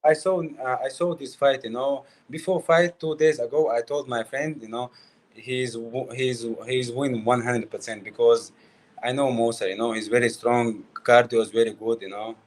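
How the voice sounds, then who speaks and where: A man's voice: medium pitch, steady tone, normal speed. A man, not a native English speaker, answers interview questions in short broken phrases, often saying "you know". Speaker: guest fighter.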